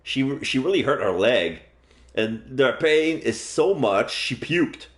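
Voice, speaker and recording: A man's voice: mid-range voice, expressive, slow pace. A man streaming a game live, commenting with wry, joking asides.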